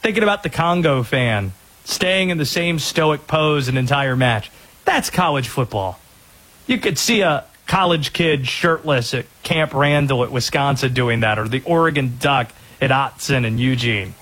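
A man hosting sports talk radio, energetic and opinionated, with quick asides. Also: medium pitch, slightly rough, poor audio.

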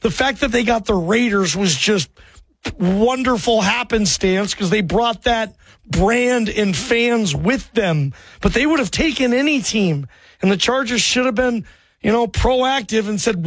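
A very high-pitched man hosts a sports talk radio show into a studio mic. His delivery is energetic, chummy and loose with slang. The sound is close and dry, with no room around it. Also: dry recording. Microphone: studio microphone.

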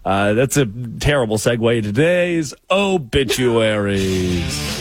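A man's voice: mid-range voice, slow, loud music behind the voice. A man hosting a comic sports talk show, telling stories with quoted voices. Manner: animated storytelling with voiced quotes.

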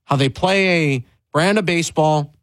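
A man's voice: on the high side, normal speed, a bit bright, no room sound, rough recording. Emphatic man hosting sports talk. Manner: emphatic and candid, with frequent restarts and rising stress. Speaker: sports talk show host.

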